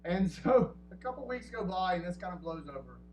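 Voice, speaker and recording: Thirties man, comic storyteller, very lively pitch, echoey far-off mic, hum behind. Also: fairly quick. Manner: animated, jumps into acted voices. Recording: roomy distant live recording with hum.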